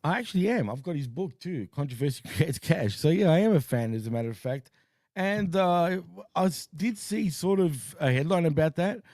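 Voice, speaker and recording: A man's voice: a little high, animated, moderate pace, darkish tone, no room sound. An Australian man co-hosting a casual video-call chat, laughing often and bantering easily. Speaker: co-host.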